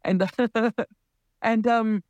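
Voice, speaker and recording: A man with a slightly high voice, speaking as a podcast guest and telling a long story in a loose, casual way. He laughs often and keeps things light. The sound is dry and close, with no room around it. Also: fairly even intonation, extremely slow, no room sound, dull audio. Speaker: parent.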